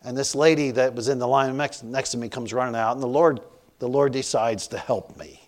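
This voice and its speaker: A man's voice: mid-range voice, fairly even intonation, fairly quick. A man in his sixties preaching, telling a funny story about himself and often laughing as he goes. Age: 60s. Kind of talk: storytelling sermon.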